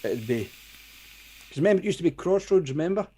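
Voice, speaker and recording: A man's voice: a little high, lively intonation, quick pace, mellow, slightly rough. A man co-hosting a live stream, teasing his co-hosts with blunt, sweary banter and rambling memories. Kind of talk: casual chat.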